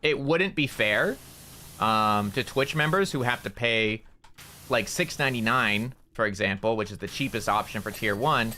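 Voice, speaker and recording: A man's voice: moderate pace, bright, forceful tone, a little hiss or hum. A man from Canada chatting casually while streaming a game, rambling, swearing now and then, and cooing at his cats. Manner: coos at cats in a high voice. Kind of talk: casual gaming livestream chat.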